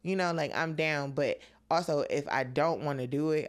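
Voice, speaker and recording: A woman's voice: deep voice, moderate pace. A woman guest on a podcast, telling stories in a laid-back casual chat, with many "like"s. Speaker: comedian guest.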